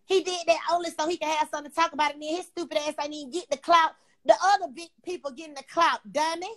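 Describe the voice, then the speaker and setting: A young woman chatting on a livestream, blunt and profane as she airs her grievances. Her voice sits high and she talks fast, words tumbling out in quick runs. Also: steady tone. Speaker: livestream host. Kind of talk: casual livestream chat.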